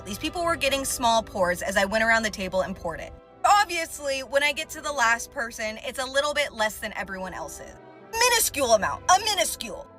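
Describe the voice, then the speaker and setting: A woman's voice: high-pitched, bright, forceful tone. A young woman who works as a restaurant server, chatting through a storytime from her parked car. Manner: chatty, explanatory retelling. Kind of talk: casual storytime.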